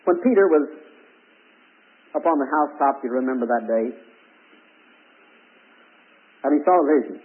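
A man's voice: mid-range voice, expressive, moderate pace, pauses often. A man preaching a sermon with emphatic rises on key words. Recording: tinny phone-like old recording.

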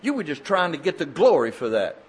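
A male preacher voicing the Spirit of God, gently rebuking a believer in slow, chiding words. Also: on the high side, big pitch swings, breathy edge.

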